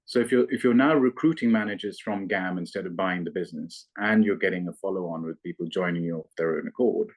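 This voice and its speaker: Male fund manager, very low voice, analytical and measured, given to restarts. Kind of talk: investment interview.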